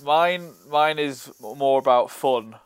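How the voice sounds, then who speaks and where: A man's voice: mid-range voice, slow, clear, resonant tone, no echo. A young man, chatting casually and laughing as a podcast co-host. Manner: relaxed, chatty, laughs often. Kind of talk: casual chat.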